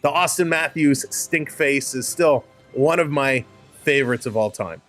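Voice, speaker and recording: A man's voice: mid-range voice, a little slow, a bit bright, soft background music. A man with a Canadian accent hosting a live hockey stream, calling the play-by-play and greeting chatters by name. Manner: upbeat, greets chatters by name between game calls.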